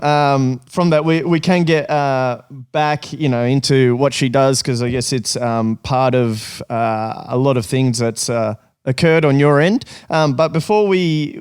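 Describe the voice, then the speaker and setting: A man's voice: medium pitch, clean tone, no room sound, clean studio sound. A man hosting a podcast, asking long questions full of fillers and restarts. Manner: halting, filler-heavy questions. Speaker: podcast host. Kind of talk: casual interview.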